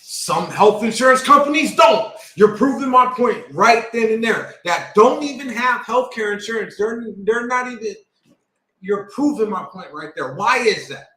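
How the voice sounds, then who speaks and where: A man's voice: extremely high pitch, lively intonation, moderate pace, sharp tone. A man co-hosting a casual podcast discussion, talking in a conversational, probing way. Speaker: podcast co-host. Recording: echoey room.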